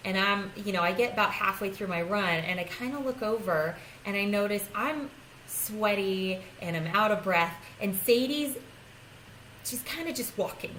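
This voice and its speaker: A woman's voice: mid-range voice, fairly bright tone, slight background noise, rough recording. A woman who coaches clients, talking casually to camera in a chatty, self-deprecating way, laughing often and restarting her sentences. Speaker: design and personal growth coach.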